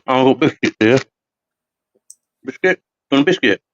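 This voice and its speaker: A man's voice: medium pitch, animated, no echo. A man co-hosting a casual live podcast, joking and firing off teasing questions. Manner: teasing, jokey, quick questions. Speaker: podcast co-host. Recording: slightly dull lo-fi audio.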